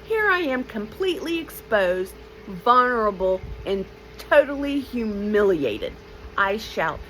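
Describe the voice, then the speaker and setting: A woman in her fifties telling a personal story in a lively, blunt way, with emotional asides to the listener. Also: mid-range voice, measured pace, slight background noise, rough recording.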